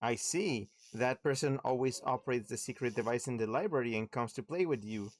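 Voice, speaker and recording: A man's voice: medium pitch, fairly quick, natural voice. A streamer reading Detective Pikachu's lines aloud as a pushy little mouse detective grilling a suspect, in his own voice. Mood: interrogating. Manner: reads game text aloud in his own voice. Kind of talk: reading game dialogue aloud.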